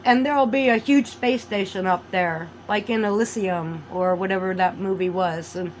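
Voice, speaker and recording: A woman vlogging a rambling monologue, animated, swinging between loud outbursts and low mutters. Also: normal speed, slight background noise, low-quality recording.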